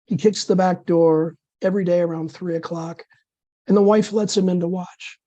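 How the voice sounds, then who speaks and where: A man with a scratchy voice from dysphonia, reading his own absurd flash fiction in a dry, deadpan way over a video call. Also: high voice, normal speed, no room sound, lo-fi sound.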